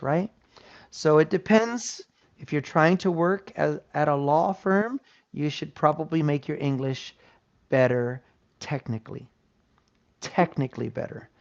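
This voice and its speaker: A man's voice: medium pitch, gravelly, a little mellow. An American man teaching an English lesson, explaining patiently and often asking "right?". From United States. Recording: dull lo-fi sound.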